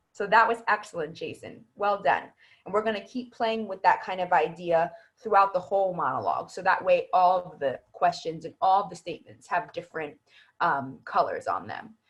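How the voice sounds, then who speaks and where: A woman acting coach giving patient, encouraging feedback to students in an online class over a video call. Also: fairly low pitch. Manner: encouraging, patient, explains at length. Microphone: video call microphone.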